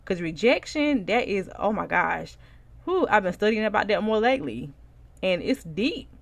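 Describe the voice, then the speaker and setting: Female host, faith podcast, conversational sermon-like delivery with lively outbursts. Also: medium pitch, normal speed, creaky. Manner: conversational and preachy, addresses listeners as y'all, animated exclamations. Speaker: podcast host and Christian life coach. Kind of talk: casual faith-based podcast talk.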